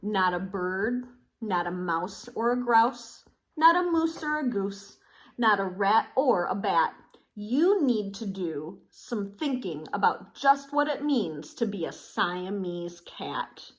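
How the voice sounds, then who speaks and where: A woman playing a storybook mom cat, scolding and lecturing, slow. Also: mid-range voice, big pitch swings, low-quality recording. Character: stern scolding mother cat.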